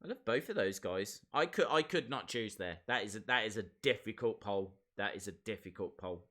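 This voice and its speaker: A man's voice: lowish voice, expressive, brisk, bright, forceful tone. A man hosting a casual live stream, chatting and reading viewer comments aloud with lots of repeated phrases.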